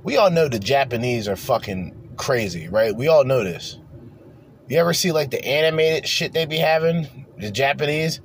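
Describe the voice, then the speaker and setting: A man's voice: mid-range voice, expressive, moderate pace, slight background noise. Loose, rambling man co-hosting. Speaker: podcast co-host. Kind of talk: casual chat.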